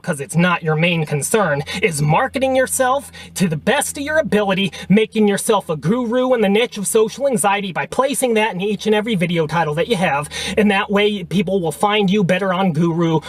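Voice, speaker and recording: A man's voice: high-pitched, no echo. A man delivering a combative, mocking rant at another video maker to his camera. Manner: combative, mocking, repeatedly says okay and pal. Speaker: vlogger. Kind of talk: ranting response video.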